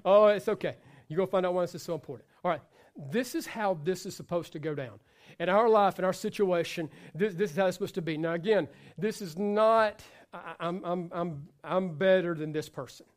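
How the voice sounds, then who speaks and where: A man's voice: high-pitched, brisk. A man preaching a sermon to his congregation, talking in a loose, conversational way with frequent repetitions and asides. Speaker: pastor.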